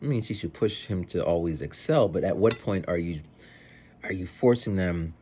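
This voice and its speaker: A man who teaches, chatting in a rambling, animated way in a casual vlog. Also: deep voice, moderate pace, slight background noise.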